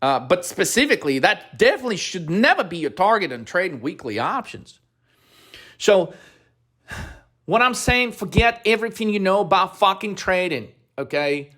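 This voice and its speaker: A man's voice: high voice, very animated, normal speed. A man coaching options traders in a profane, aggressive motivational rant, blunt and swearing constantly as he gets more heated. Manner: grows louder and more heated.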